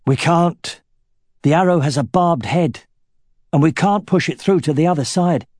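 A steady, practical soldier talks calmly about cutting out an arrow, voiced by a man narrating a storybook. His tone is mellow and plain, recorded dry. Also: on the high side, normal speed, no room sound, pitched above the performer's own voice, close to an everyday voice. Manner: calm, matter-of-fact.

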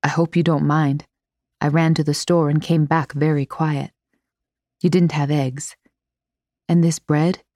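A woman reading the part of a cheerful, talkative young man from Mexico in simple, warm phrases. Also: low-pitched, little pitch movement, measured pace, pauses often, no echo, studio quality. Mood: chatty.

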